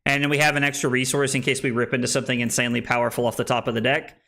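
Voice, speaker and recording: A man's voice: medium pitch, flat delivery, racing, gravelly, bright, forceful tone. A young man streaming a card game live, talking through his plays and joking with chat in a playful, self-deprecating way. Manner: playful, self-deprecating, chatting with viewers while playing.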